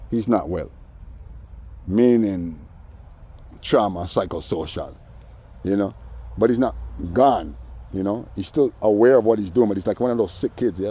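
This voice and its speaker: A low-voiced man rants through a street story. His tone is mellow and dark. He is animated and acts out other people's lines as he goes. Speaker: vlogger. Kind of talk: casual storytelling rant.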